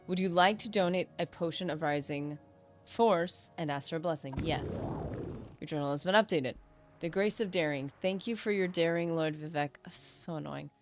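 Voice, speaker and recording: A woman's voice: low voice, moderate pace. Chatty woman streaming a game. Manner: chatty, joking asides, playful mock-grandeur. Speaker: streamer playing a role-playing game. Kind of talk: casual gameplay livestream chat, reading in-game text aloud. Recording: faint game music behind.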